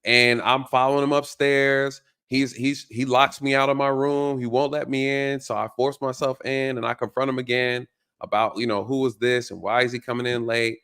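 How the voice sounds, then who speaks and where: A man who hosts a reaction show as a former police officer, telling a case in casual, animated storytelling and talking straight to the viewers. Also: medium pitch, normal speed, clear, resonant tone. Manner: animated, acts out voices, addresses viewers.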